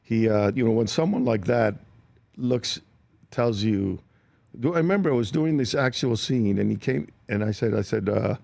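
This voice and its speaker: An older male actor appears as a guest on a studio talk show, spinning animated anecdotes and performing the voices of the people he quotes. His voice is gravelly and medium-pitched, at a moderate pace, with no room sound.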